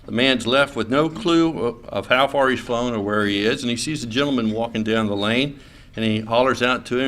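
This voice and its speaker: Man, middle-aged, from Louisiana, folksy club speech, halting with fillers, joking. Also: mid-range voice, fairly bright tone. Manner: folksy, hesitant with many fillers and restarts, joking. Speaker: state senator giving a speech. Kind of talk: after-lunch club speech. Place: club meeting room.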